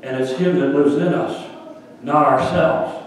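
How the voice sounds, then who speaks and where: A man with a fairly high voice preaches a sermon, turning to his listeners now and then with direct questions. His voice rings through a long, echoing hall, and he sounds set back from the microphone. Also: fairly even intonation, measured pace, distant mic. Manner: storytelling preacher, addresses congregation directly. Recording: echoey hall, speaker off the mic.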